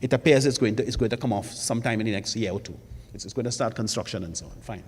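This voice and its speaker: A man's voice: lowish voice, rapid-fire, slightly rough. A man speaking as a forum panelist, emphatic and rhetorical, stressing points by repeating them. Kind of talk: public forum speech. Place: college forum hall. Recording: long hall reverb.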